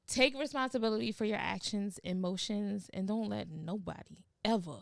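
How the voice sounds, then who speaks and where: A woman hosting a podcast, telling stories in an animated way and using casual slang. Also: medium pitch, normal speed, gravelly, no room sound, studio quality. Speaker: podcast host.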